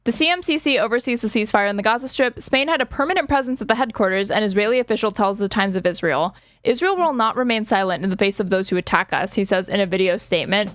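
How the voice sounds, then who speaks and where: A woman's voice: medium pitch, fast, hardly any pauses, a bit bright, no room sound. Sarcastic woman streamer, dry close sound. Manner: casual, sarcastic, swears, lots of fillers. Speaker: streamer host. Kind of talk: casual reaction stream commentary.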